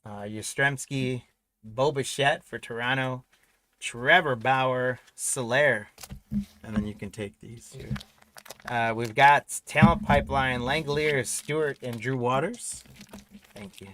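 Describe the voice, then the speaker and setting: A man hosts a live card break, listing buyers and teams in a loose, chatty way while he rips open packs. His voice sits at an ordinary middle pitch and he has the hiccups. Faint crinkling of wrappers runs behind him. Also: takes it slowly, a bit bright, slight background noise, rough recording. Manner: rattles off names and teams while opening packs. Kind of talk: live-stream casual talk.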